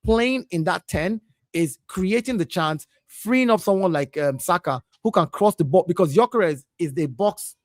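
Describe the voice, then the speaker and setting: A man with a high voice pushes his argument in a lively football debate. He is insistent and keeps restarting his sentences when he gets cut off. The sound is dry and close, with no room echo. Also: moderate pace. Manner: insistent, argumentative, repeats himself when interrupted. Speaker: co-host of a football talk stream.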